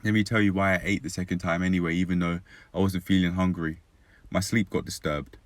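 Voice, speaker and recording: Young male vlogger, deep voice, dry-throated, rambling and reflective; dry, close recording. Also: fairly even intonation, brisk, dry recording. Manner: rambling, reflective, frequent self-corrections. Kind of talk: casual personal vlog monologue.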